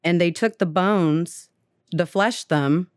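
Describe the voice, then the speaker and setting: A woman's voice: lowish voice, takes it slowly, smooth, no echo, studio quality. A young woman casually retelling a story on a podcast, full of "like" and acted-out quotes.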